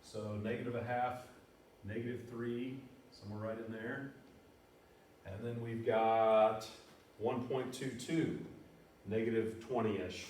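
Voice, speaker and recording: Slow-talking teacher in a very echoey room. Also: male voice, mid-range voice, steady tone, darkish tone, slight background noise. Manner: thinks aloud while plotting, counting off numbers. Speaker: math teacher. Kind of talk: casual classroom lesson. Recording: very echoey room, voice from far off, faint music.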